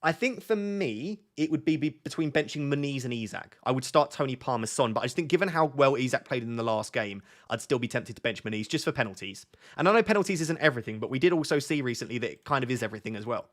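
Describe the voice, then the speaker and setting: Brief: young male streamer, casual, chatty, mid-pitched, reads chat aloud. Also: lively intonation. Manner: chatty, reads viewer questions aloud, quick asides. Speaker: fantasy football streamer.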